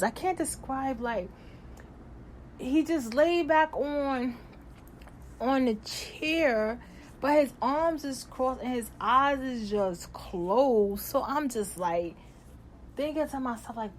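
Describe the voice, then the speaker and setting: A fairly high-voiced young woman tells her own story in an unhurried, casual way. She is expressive and turns loud and exasperated as she relives what happened. A faint hiss sits underneath. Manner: animated, gets loud and exasperated retelling events.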